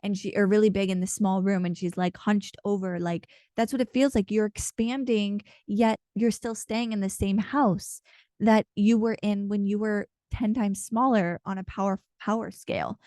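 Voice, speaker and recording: A woman with a mellow, warm voice talks through a channeled card reading. She speaks casually and earnestly, rambling with plenty of fillers. Her voice sounds close and dry, with no room around it. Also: medium pitch, steady tone, normal speed, no room sound. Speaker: intuitive card reader and channeler.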